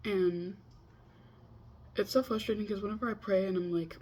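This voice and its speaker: A twenty-something woman talks casually in a confessional vlog recorded through a video call, self-mocking and scolding herself as she goes. Her medium-pitched voice is husky and a little mellow, fairly even in intonation, at a moderate pace with long pauses.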